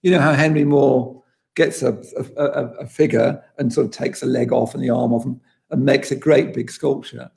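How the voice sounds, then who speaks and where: A man with a British accent, a poet leading a session, reading a poem slowly and then discussing it in quick, animated bursts. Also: mid-range voice, gravelly. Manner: reads slowly and deliberately, then talks fast and animated. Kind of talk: poetry reading and talk.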